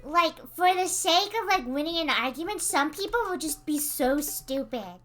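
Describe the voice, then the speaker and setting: Young woman streamer, high bright voice, animated and exasperated, keeps laughing at chat. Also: moderate pace, soft background music. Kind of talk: casual live-stream chat reading chat.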